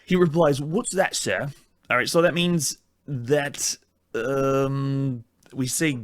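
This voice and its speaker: A man hosting a retro game let's-play, chatty and self-mocking as he thinks aloud while typing commands. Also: a little high. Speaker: host.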